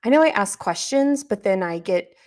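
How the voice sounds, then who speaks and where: Woman streamer, casual live chat, slightly raspy, low-energy, drifting toward vocal fry, mid-pitched. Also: expressive, moderate pace, darkish tone. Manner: chatty and easily distracted, reads chat aloud. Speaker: live-stream reaction host.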